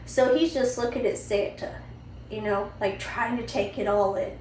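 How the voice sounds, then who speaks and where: A woman podcast host telling a family story in a chatty, animated way, with frequent asides to the listener. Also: mid-range voice, normal speed, a little hiss or hum. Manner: chatty, animated, lots of "you know" and "right?". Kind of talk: casual storytelling. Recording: roomy, distant mic, faint ambience.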